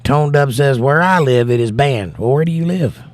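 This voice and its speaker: A man's voice: medium pitch, lively intonation, moderate pace, a little mellow, no echo. An American man hosting a casual livestream, reading viewer comments aloud and answering them, tired from no sleep. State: tired, has not slept. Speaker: livestream host reading chat.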